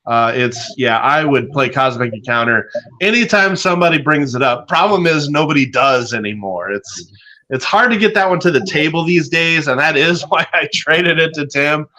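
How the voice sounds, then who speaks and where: Enthusiastic man with a bright voice. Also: on the high side, normal speed, a little hiss or hum. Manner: enthusiastic and joking. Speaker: podcast co-host. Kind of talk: casual chat.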